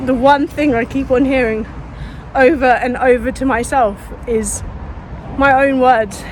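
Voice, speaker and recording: Running outdoors on a street, this fitness vlogger speaks at a measured pace into the phone in her hand, her voice sitting high with fairly even intonation. She sounds breathless and dry-mouthed, rambling earnestly and often starting over, while a little hiss or hum runs through the recording.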